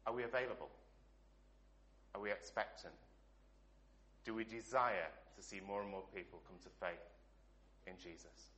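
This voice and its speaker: Bright-voiced English pastor preaching. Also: male voice, lowish voice, normal speed, long pauses. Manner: earnest preaching with rhetorical questions and dropping endings. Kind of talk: sermon.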